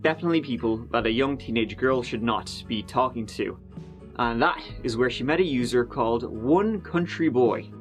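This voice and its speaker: A man narrates a true crime case in a relaxed, conversational voice-over. He wanders into fillers and dry asides but keeps the story moving, sounding like someone talking rather than reading. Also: mid-range voice, moderate pace, faint music behind.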